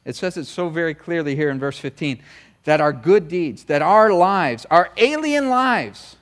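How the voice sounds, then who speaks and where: A man's voice: a little high, moderate pace. A middle-aged American man preaching a conversational sermon as pastor, often acting out short voices of other people. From United States.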